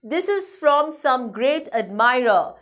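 A woman reading the part of a poor young male playwright, excited and exclaiming. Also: sits high, slow, exaggerated voice. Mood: delighted.

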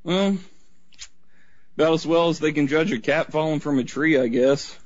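A man's voice: on the high side, normal speed, dry recording. A man calling a radio show, telling his story in a casual, rambling way. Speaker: caller. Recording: dry, dull lo-fi line.

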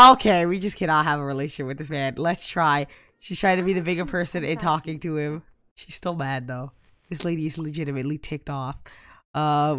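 A young woman chats through her gameplay in a bright, forceful voice that sits a little low for a woman. She sounds exasperated and now and then breaks into loud outbursts. The sound is dry and close to the mic. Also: dry recording. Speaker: gaming YouTuber. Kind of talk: casual gameplay commentary.

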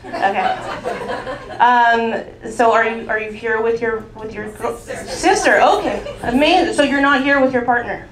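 Woman stand-up comic from Mexico, high and lively, teasing crowd work, echoey club with a laughing audience. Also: unhurried. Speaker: stand-up comedian. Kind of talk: live stand-up comedy set. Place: comedy club stage before a live audience.

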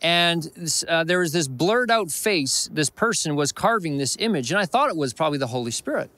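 A man's voice: a little high, animated, brisk, sharp tone, no echo. A man with a Canadian accent, a pastor preaching a sermon, telling a personal story earnestly and repeating phrases. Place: church.

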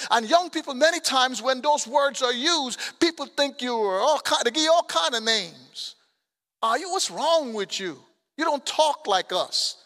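A man's voice: very high voice, sharp tone. A male pastor with a foreign accent preaching a sermon, talking straight to the congregation in a loose, colloquial way. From abroad. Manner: preaching with call-outs to the congregation, colloquial asides. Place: church sanctuary. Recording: long church hall reverb.

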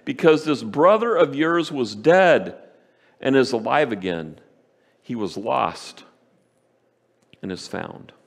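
A man preaching a sermon as pastor, emphatic, repeating key phrases and slowing down for stress. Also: medium pitch, gravelly. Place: church sanctuary. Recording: church hall with long reverb.

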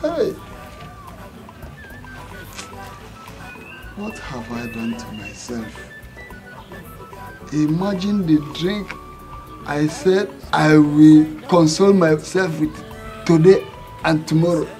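A man's voice: on the high side, slow pace, long pauses, darkish tone, faint music behind. A broke, wheedling old Nigerian father. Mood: self-pitying. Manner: wheedling, self-pitying, rising to a whine. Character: boastful old father, broke and pleading, male. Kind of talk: Nollywood film acting.

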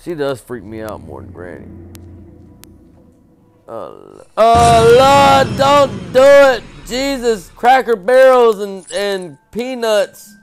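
Brief: male gamer, let's-play, unhurried delivery, mutters then yelps when scared, goofy repeated chants. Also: big pitch swings, soft background music. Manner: jokey, talks to the game character, repeats silly chants; swings from low mutters to loud startled yelps. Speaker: gamer playing a horror game. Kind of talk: casual let's-play commentary.

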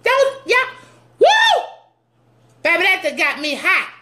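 A middle-aged woman giving sassy, teasing comedic church advice to her viewers, animated and preachy with loud whoops. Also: very high voice, slow, very noisy. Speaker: comedic commentator addressing live viewers.

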